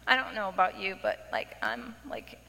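High bright woman in her 40s, church testimony, slow and super animated, long hall reverb. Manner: animated storytelling with big swings in pitch. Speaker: guest speaker giving her testimony. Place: church worship center.

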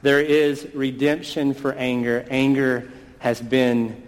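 A man in his thirties preaching a sermon, earnest, slowing down to stress key words. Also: mid-range voice, flat delivery, in a large hall, poor audio. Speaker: pastor.

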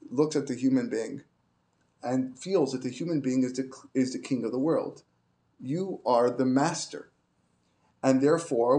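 A man gives an informal Torah class woven in. He halts and restarts often but grows animated as he tells stories. His voice sits at a middle pitch. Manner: halting, many restarts, animated when telling stories. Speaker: Torah teacher.

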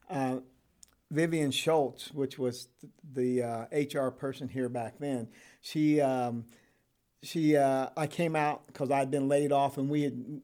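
A man's voice: mid-range voice, mellow. A retired correctional officer, an older man, telling his life story in an interview, with many ums, restarts and laughs. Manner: rambling, with frequent ums and restarts, laughs often.

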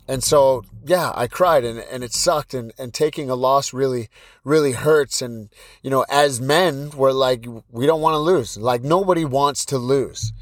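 Man in his thirties, podcast host and fight coach, blunt and repetitive pep talk, mid-pitched voice, dry close mic. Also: no echo. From British Columbia, Canada. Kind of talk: motivational solo podcast talk.

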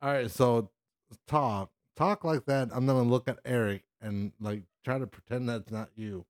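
A man's voice: medium pitch, moderate pace. A man hosting a podcast, chatting casually over drinks, laughing often and teasing with swearing.

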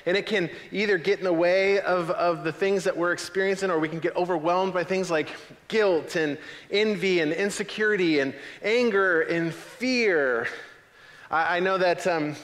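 A man preaching a sermon as a pastor, in a conversational, animated way with frequent repetitions. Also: a little high, big-room sound.

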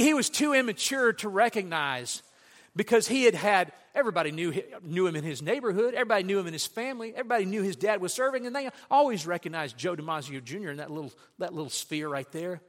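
Man preaching, earnest, storytelling, slightly high voice, long reverb from a big room. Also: a bit bright. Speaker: pastor. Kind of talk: sermon.

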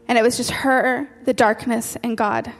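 Here the preacher speaks at a moderate pace with a fairly high pitch and a steady tone, still repeating important phrases for emphasis in her earnest sermon. A long, hall-like echo and soft music fill the background.

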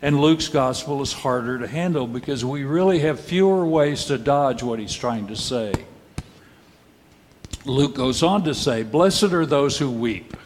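A man preaching a sermon as pastor, measured and rhetorical, with dry, wry asides and pointed questions to the congregation. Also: mid-range voice, animated, slight background noise. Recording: long hall reverb.

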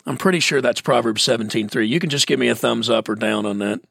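A man's voice: mid-range voice, fast, gravelly, a bit bright, dry recording. A man, a pastor, chatting on a podcast in a joking, self-mocking way. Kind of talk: casual podcast chat.

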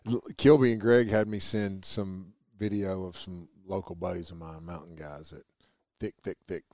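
A very low-pitched man with a drawl hosts a laid-back podcast chat. He rambles enthusiastically and jokes as he goes. The recording is close and dry. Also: steady tone, normal speed, a little mellow, no room sound. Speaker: podcast host. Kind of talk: casual chat.

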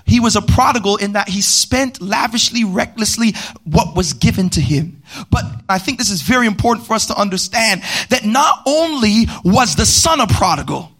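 A man pastor preaching a sermon at a church service, calling out to the congregation and rising into sung, shouted cadences. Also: high-pitched, expressive, normal speed.

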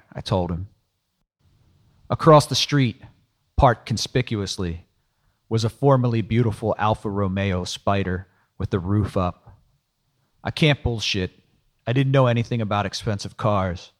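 A man's voice: on the low side, moderate pace, pauses often. A man narrating a first-person audiobook in a dry, sardonic storytelling manner.

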